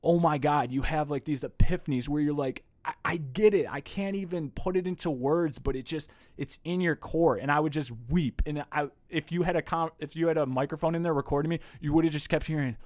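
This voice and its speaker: A man with a fairly high voice tells a story as a podcast guest. He talks in an animated, casual way and swears freely. The sound is close and dry, with almost no room echo. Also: a little fast, few pauses. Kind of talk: casual conversation. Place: indoor room.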